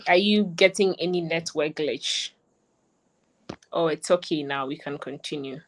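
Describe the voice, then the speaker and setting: A woman, a lead coach, hosting an online graduation ceremony on a livestream, chatty and excited, often repeating herself. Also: deep voice, measured pace. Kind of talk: live-streamed ceremony hosting.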